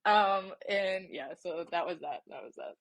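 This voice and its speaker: A woman's voice: lowish voice, a little slow. A young woman in her twenties, a soccer player and podcast guest, telling a story casually with many fillers and restarts.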